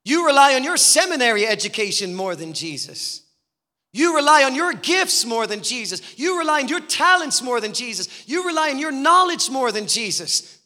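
High-voiced passionate preacher in a hall. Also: male voice, big pitch swings, normal speed, bright, forceful tone. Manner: passionate, repetitive rhetorical questions. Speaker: guest preacher. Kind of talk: sermon. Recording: long reverb in a hall.

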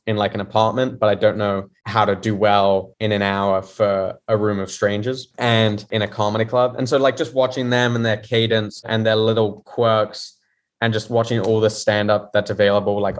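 A man from London, a guest comedian chatting candidly on a podcast, self-mocking and laughing often. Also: on the low side. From London, England. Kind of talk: casual podcast chat.

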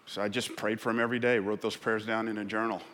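Bright-voiced, impassioned male pastor preaching. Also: lowish voice, level tone, fast, a little hiss or hum. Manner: impassioned, swings from quiet to shouting. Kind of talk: sermon. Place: church sanctuary in San Francisco. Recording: long hall reverb in a church.

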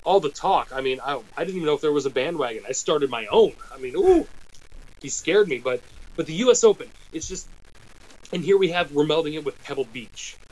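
An American man chatting on a podcast, animated and rambling, with quick asides and restarts. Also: on the high side, low-quality recording. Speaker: podcast co-host. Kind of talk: casual chat.

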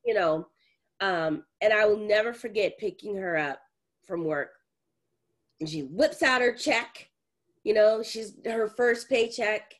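A middle-aged woman co-hosts a casual podcast chat. She tells personal stories with lively energy and breaks into hearty laughter. Her voice sits at an ordinary pitch for a woman. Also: unhurried, long pauses. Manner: animated, laughs heartily while telling stories.

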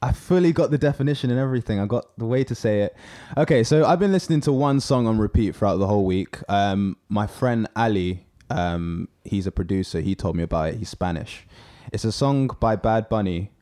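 Young male co-host, animated storyteller, lowish voice. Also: brisk, hardly any pauses. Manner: animated storyteller, many fillers. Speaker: podcast co-host. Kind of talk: casual chat.

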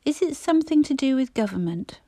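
Earnest eldest girl, higher and pleading, read by a woman. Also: big pitch swings, brisk, mellow, dry recording, clean studio sound.

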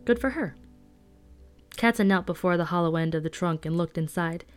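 A woman reading a novel aloud in a calm, even storytelling manner. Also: fairly low pitch, quick pace, faint music behind. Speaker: audiobook reader.

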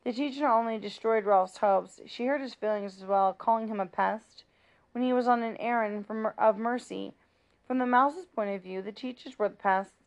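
A woman's voice: a little high, normal speed. Woman reading a children's book aloud. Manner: steady, plain narration with small slips. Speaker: reader.

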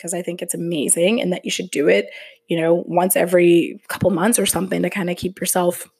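Woman podcast host, motivational, slow and earnest, casual delivery. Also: lowish voice, flat delivery, creaky, darkish tone, husky.

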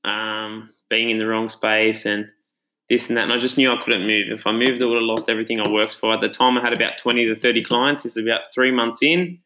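A man's voice: fairly low pitch, little pitch movement, a little fast, pushed and bright, a little hiss or hum, rough recording. An Australian man who runs a gym tells his own story in a casual, earnest and reflective way. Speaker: gym owner and trainer.

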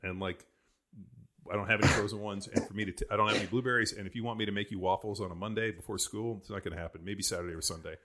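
A man's voice: on the low side, fairly even intonation, very fast, very noisy. A man in his forties chatting casually about raising his kids, rambling with lots of fillers and restarts. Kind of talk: casual chat.

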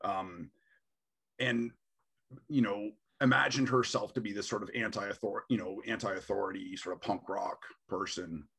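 A man in his thirties hosting a casual podcast conversation, animated and quick to mimic other people in quotes. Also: lowish voice, vocal fry, breathy edge. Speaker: podcast host.

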